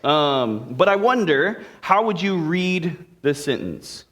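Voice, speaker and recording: A man's voice: fairly high pitch, sing-song, slow pace, fairly bright tone. A male pastor preaching a sermon in a conversational way, with playful asides to the congregation. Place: church sanctuary.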